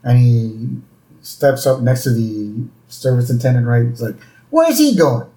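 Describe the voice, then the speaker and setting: A man co-hosting a podcast, retelling a cartoon episode in a loose, rambling way with plenty of fillers. His pitch is mid-range and unremarkable. The room gives his voice a noticeable echo. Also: level tone, measured pace, warm tone. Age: adult parent. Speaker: podcast co-host. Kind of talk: casual chat recapping a cartoon episode. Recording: roomy echo.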